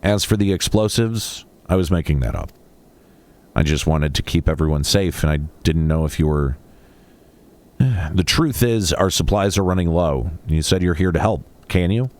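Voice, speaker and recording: A man reading aloud the lines of a frightened young woman survivor in a video game, in a halting, hushed delivery. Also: low voice, expressive. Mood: haunted.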